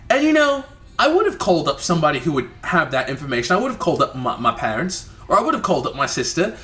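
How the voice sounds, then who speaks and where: A man's voice: high voice, sing-song, quick pace, sharp tone. A man from the United States talking through a casual game review vlog, rambling, profane and full of restarts. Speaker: video creator.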